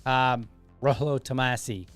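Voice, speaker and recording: A man's voice: mid-range voice, measured pace, faint music behind. A man hosting his podcast, talking through comments in a loose, conversational way full of restarts and asides. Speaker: podcast host. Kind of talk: casual solo commentary.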